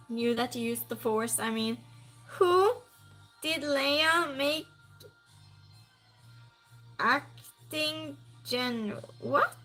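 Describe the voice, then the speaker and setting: A woman with a high, bright voice hosts a casual trivia stream. She talks at an unhurried pace, reads out viewer comments and greets people by name. Soft music plays faintly behind her. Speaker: trivia night stream host. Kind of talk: casual live-stream chat.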